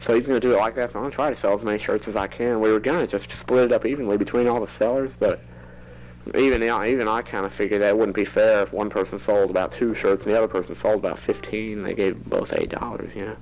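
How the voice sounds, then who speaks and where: A man's voice: on the low side, fast talker, darkish tone, a little hiss or hum, low-quality recording. A teenage boy rambling into a home cassette recorder for his audio diary, chatty and prone to giggling. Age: teens. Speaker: student keeping a tape diary.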